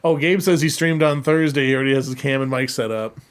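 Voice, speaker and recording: A man's voice: medium pitch, fairly even intonation, fast, smooth. A man co-hosting a podcast in casual chat, wry and teasing, reading out live chat comments. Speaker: podcast co-host.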